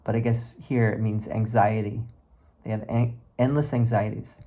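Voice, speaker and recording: A man reading verses aloud and explaining them in an informal recorded lesson, speaking haltingly with many pauses and restarts. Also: on the low side, steady tone, mellow. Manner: slow and halting, chants verses then comments. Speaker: teacher reading and explaining scripture. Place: room at home.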